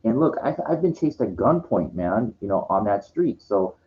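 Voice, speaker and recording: A man's voice: on the low side, sing-song, normal speed. A man talking in a meandering, profane vlog monologue, full of "you know" and "like". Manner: meandering, profane, heavy with fillers. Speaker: vlogger. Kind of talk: rambling monologue. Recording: dull lo-fi sound.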